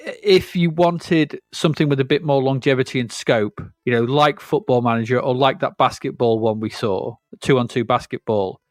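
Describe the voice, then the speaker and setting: A man's voice: medium pitch, moderate pace, hardly any pauses, dry recording, clean studio sound. A man co-hosting a podcast, chatting casually about retro video games and often stopping to correct himself. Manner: rambling, self-correcting, chatty. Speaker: podcast co-host. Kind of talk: casual retro gaming chat.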